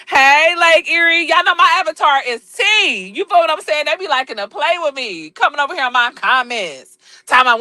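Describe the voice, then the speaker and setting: Woman on a phone live, aave, sassy and swearing, bright sharp voice, pitched a bit high. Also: expressive, normal speed, dry recording. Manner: sassy, blunt, swears freely, laughs often. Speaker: live-stream host. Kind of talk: casual live-stream chat.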